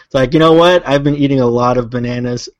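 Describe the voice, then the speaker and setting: A man's voice: medium pitch, fast talker, dry recording. A man co-hosting a casual podcast, rambling through stories with a laugh. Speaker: podcast co-host.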